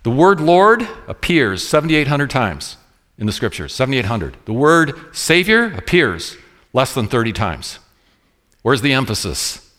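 A man preaching a sermon to a congregation, slowing down to stress key words and repeating his points. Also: mid-range voice, very animated, fairly bright tone. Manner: preaching with sudden slowed emphasis and repeated phrases. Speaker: pastor. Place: church room with congregation.

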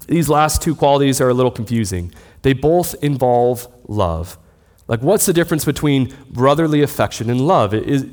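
A man's voice: mid-range voice, darkish tone. A man in his thirties preaching a sermon, teaching steadily and posing rhetorical questions to the listeners. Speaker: pastor. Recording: long hall reverb.

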